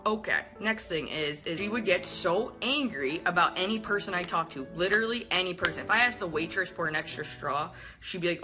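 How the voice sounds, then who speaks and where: A young woman vlogger candidly retelling a personal story to camera, animated and profane, acting out what people said. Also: lowish voice, brisk, few pauses, music in the background.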